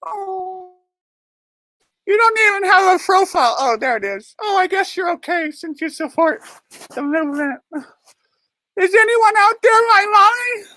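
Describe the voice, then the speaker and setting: A shrill, squeaky baby chick puppet that wails and whines for its mommy. It drags out every word slowly through sobs and shouts, recorded dry and close. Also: female voice, animated, no room sound, exaggerated voice. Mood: wailing. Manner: sobbing, shouting, whiny. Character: whiny newborn chick vaccine puppet, clingy, lost. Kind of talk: live puppet show comedy.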